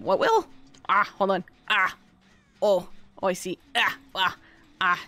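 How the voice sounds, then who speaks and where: Streaming a game live, a woman chats casually with viewers in a playful, profane way, bursting into gasps and laughs. Her mid-range voice sounds pushed and bright, though her pace is unhurried.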